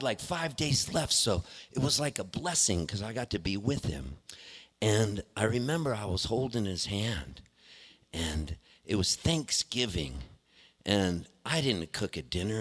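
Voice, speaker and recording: A man's voice: lowish voice, a bit bright, slightly rough. A man, a performing musician, telling an earnest story onstage at a concert hall, acting out the voices he quotes.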